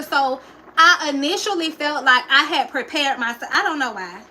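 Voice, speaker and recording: A young woman shares her own story on a livestream, emotional and chatty, often addressing her viewers directly. Her high, bright voice moves at normal speed. The recording is rough, with faint noise humming underneath.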